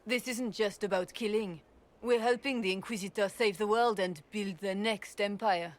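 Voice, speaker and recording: A woman's voice: medium pitch, fairly even intonation, moderate pace, natural voice. A woman voicing a devout former guard captain in a video game, speaking earnestly.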